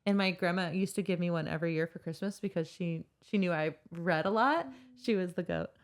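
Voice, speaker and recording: Lower-pitched woman recapping a book casually. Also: brisk. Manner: animated retelling, laughs often. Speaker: podcast co-host.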